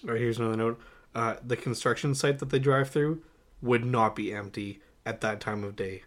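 A young man co-hosts a laid-back movie podcast. He reads through his notes with plenty of "uh"s and laughs often. He turns lively and excited when something strikes him. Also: medium pitch, moderate pace. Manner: animated, laughs often, lists notes with many "uh"s. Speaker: podcast co-host. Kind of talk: casual movie-review chat.

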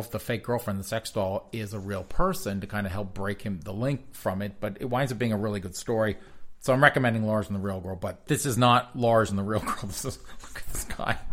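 A man's voice: lowish voice, fairly bright tone. A man hosting comedic news commentary with a sarcastic, mocking delivery and frequent laughter. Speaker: host.

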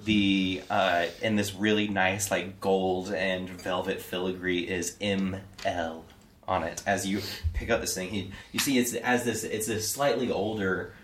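A man's voice: sits low, fairly even intonation, a little slow, a little hiss or hum. A man narrating as game master in a loose, casual way with many fillers. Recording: echoey room from far off.

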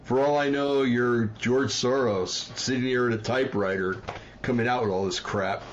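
A man from New Jersey talks on his own livestream at a middle pitch, rambling and worked up, full of fillers and apologies. The audio is slightly dull and lo-fi, with a faint hiss behind him. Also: steady tone, normal speed. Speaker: livestream host. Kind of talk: casual livestream commentary.

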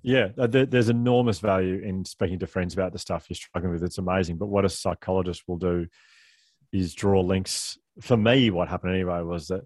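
Fast-talking deep-voiced man. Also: darkish tone, dry recording, studio quality. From Australia. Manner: fast, rambling, self-interrupting with restarts. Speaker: author and guest. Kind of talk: candid conversational storytelling.

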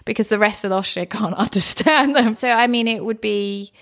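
A woman talking easily as an interview guest, her voice carrying a slight gravelly fry at the ends of phrases. She drifts from one story to the next in a relaxed, chatty way, with pitch in the middle range for a woman. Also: moderate pace. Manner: chatty, warm storytelling with laughs. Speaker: guest, cook. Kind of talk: casual interview chat.

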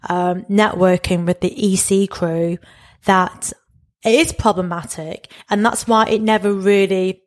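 A woman, co-hosting a podcast in casual chat and telling stories in an animated way. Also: medium pitch, unhurried. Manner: chatty, animated storytelling with laughs. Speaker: podcast co-host.

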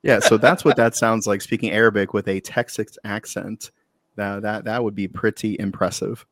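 Joking low-voiced man hosting a podcast. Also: fairly even intonation, normal speed, a bit bright, slight background noise. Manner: joking, asks the group questions. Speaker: podcast host. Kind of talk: casual chat.

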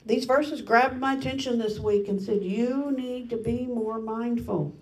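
A woman's voice: fairly high pitch, fairly even intonation, measured pace, few pauses, distant mic, low-quality recording. A woman family pastor giving a sermon in an earnest, self-deprecating way, laughing at herself.

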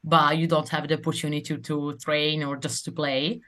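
Italian woman guest, low voice, lots of likes and uhs, speaking english as second language. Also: level tone, fairly bright tone. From northern Italy. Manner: halting, many fillers and restarts. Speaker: guest rugby player. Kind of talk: casual interview chat.

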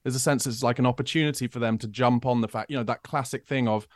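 A man's voice: medium pitch, fairly even intonation, quick pace, no echo, clean studio sound. A man hosting a podcast, asking questions and agreeing thoughtfully. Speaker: podcast host. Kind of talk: casual interview chat.

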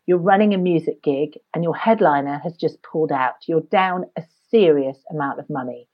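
A woman's voice: sits low, lo-fi sound. A woman co-hosting a podcast, setting up segments and prompting the guest in casual chat. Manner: sets up segments and prompts the guest with quick agreements. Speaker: podcast co-host.

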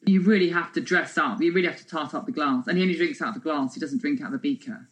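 A woman's voice: deep voice, quick pace. A woman co-hosting a podcast, a mother chatting casually in a teasing, wry way. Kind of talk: casual chat.

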